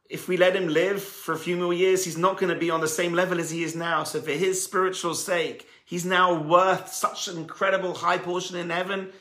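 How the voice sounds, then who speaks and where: Male preacher-storyteller, emphatic and animated, ringing echoey room. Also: on the high side. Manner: animated, emphatic storyteller who builds to loud peaks; addresses listeners as friends. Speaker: religious teacher. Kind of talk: storytelling sermon.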